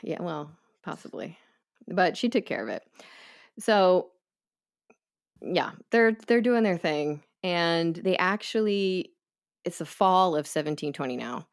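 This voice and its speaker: A woman hosting a podcast, telling a true story in casual chat with quick asides and frequent laughs. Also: fairly low pitch, lively intonation, smooth. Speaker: podcast host.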